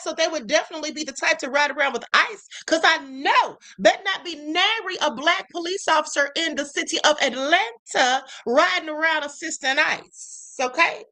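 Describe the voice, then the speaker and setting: A woman hosts a livestream and reacts to clips. Her voice is high and bright, and she talks in a sassy, casual way, calling viewers honey and baby. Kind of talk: casual commentary.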